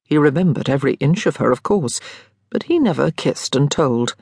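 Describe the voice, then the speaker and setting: A woman narrating an audiobook with expressive, lively storytelling. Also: low-pitched, normal speed, gravelly, slightly rough, no echo, studio quality. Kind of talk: scripted narration.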